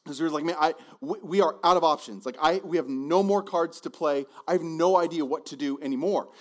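A man's voice: a little high, brisk. A man preaching a sermon as a pastor, telling a personal story and acting out the voices of the people in it. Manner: animated, acts out voices in his stories.

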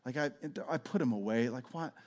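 A man's voice: medium pitch, big pitch swings, fairly quick, breathy edge. A man doing a worn-out, fed-up fisherman. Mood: weary, defeated. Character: weary adult male fisherman, worn out and doubtful.

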